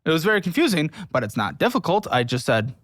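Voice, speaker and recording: A man's voice: on the high side, very animated, fast, a bit bright, no echo, clean studio sound. A man hosting a finance show, questioning a guest bluntly and teasing her with crude jokes. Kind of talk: blunt interview.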